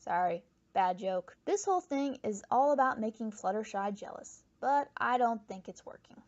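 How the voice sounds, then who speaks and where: A woman's voice: fairly high pitch, animated, moderate pace, a little mellow. A woman hosting a comedic cartoon review, making wry, sarcastic asides. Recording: dull lo-fi mic with faint hiss.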